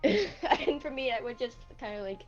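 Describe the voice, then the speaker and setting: A woman playing a tabletop game, speaking shyly and softly. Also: fairly high pitch, big pitch swings, normal speed, lo-fi sound, faint music behind. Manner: shy and soft-spoken. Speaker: player. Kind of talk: casual tabletop game chat.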